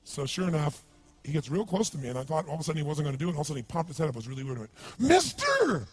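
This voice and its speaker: Husky-voiced guy preaching motivation on stage, punchy, fires questions at the crowd, soft music behind. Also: a little high, racing. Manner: emphatic, quizzes the audience, tells stories. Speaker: motivational speaker. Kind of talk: seminar talk to a live audience.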